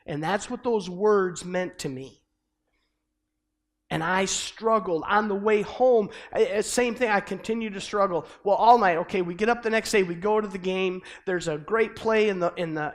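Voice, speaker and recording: Middle-aged pastor guy, earnest and halting, lots of restarts, gets loud then goes quiet. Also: sits high. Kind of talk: sermon storytelling.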